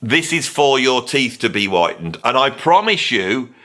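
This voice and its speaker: Closing out his music commentary channel, a middle-aged Brit rambles through a casual monologue, mocking himself and cheekily begging viewers. He speaks in British English at medium pitch, unhurried, with big pitch swings and a sharp tone.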